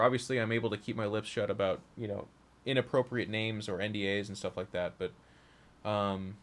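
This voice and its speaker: Young guy streamer, lowish voice, blunt and kinda rambly, lots of restarts. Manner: frank, rambling, self-interrupting. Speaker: streamer and caster. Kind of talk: candid monologue to camera.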